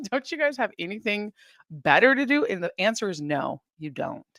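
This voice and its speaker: A woman's voice: mid-range voice, expressive, moderate pace, fairly bright tone, no room sound, clean studio sound. A woman hosting a casual live stream, chatting and reading viewer comments in a rambling, giggly way.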